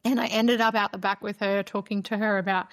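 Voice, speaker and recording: A woman's voice: medium pitch, fairly even intonation, a little fast. Woman, podcast host, candid personal storytelling, chatty, "like" fillers, heartfelt, mid-range voice. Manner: candid, conversational, frequent "like" fillers; emotional, heartfelt telling.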